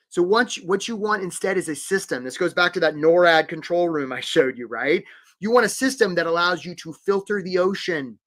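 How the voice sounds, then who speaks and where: Bright-voiced animated man coaching a webinar. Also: on the high side. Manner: animated, emphatic, many "right?" tags and acted-out dialogue. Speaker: career coach hosting a live webinar.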